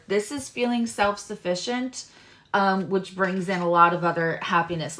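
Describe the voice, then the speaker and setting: A woman's voice: medium pitch, a bit bright. A woman hosting a live-stream tarot reading, chatting loosely with viewers and explaining cards. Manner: chatty and rambling, talks to chat viewers.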